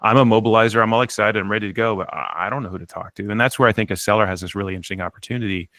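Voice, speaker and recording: Fast-talking man telling a lively story. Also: on the low side, no room sound. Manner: animated, acts out quotes, frequent restarts. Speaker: author and guest. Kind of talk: conversational interview storytelling.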